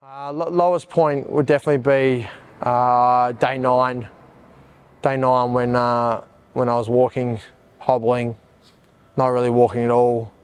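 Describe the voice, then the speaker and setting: Flat-voiced reflective man. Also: medium pitch, clear, resonant tone. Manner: halting, searching for words. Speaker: runner. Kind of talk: reflective interview.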